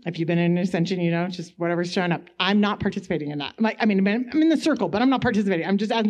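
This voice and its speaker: A woman's voice: medium pitch, rapid-fire, few pauses, a little mellow, dull audio. A woman sharing a personal faith testimony at a church gathering, telling it in a chatty way and acting out her own asides.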